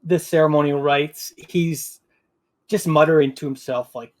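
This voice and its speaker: A man role-playing his character in a tabletop game, speaking slowly with pauses and trailing off. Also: a little high, fairly even intonation. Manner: slow, searching, trailing off. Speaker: player.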